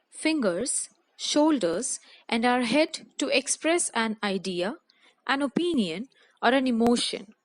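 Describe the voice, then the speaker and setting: A woman teacher with an Indian English accent, giving a measured, scripted lesson on public speaking and listing her points one by one. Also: fairly high pitch. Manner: measured, instructive, enumerating points.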